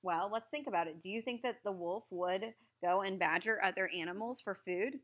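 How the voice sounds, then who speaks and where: A woman's voice: medium pitch, moderate pace, a bit bright. A woman reading a story aloud as a teacher, patiently stopping to prompt her listeners with questions.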